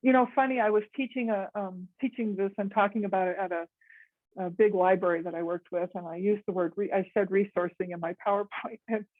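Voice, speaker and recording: An American woman giving a gentle, thoughtful talk on conflict resolution to a meditation group, with many pauses and ums. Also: mid-range voice, fairly even intonation, no echo, narrow, tinny audio. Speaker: guest speaker on conflict resolution.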